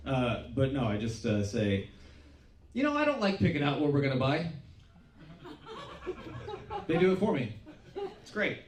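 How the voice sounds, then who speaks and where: A middle-aged man doing a stand-up comedy set, deadpan and self-deprecating, swearing freely. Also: mid-range voice, a little slow, pauses often, slight background noise. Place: small comedy club stage. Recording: roomy club sound from a distance. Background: audience laughter.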